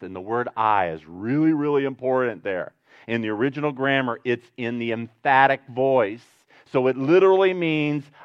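A man preaching in a fairly high voice, earnest and moving between hushed and emphatic. The recording sounds a little dull and dry, close and without room echo. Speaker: pastor. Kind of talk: sermon.

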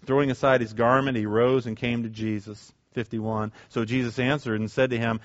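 A man's voice: fairly low pitch, level tone, brisk, few pauses, dull audio. Man preaching in a reverberant sanctuary. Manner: conversational, builds to fervent pleading. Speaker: pastor. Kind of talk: sermon.

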